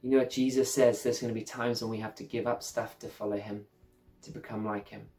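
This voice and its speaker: A man's voice: lowish voice, fairly even intonation, fairly quick, a little mellow, soft background music. A middle-aged man preaching an earnest, conversational sermon as a pastor, often saying "you know".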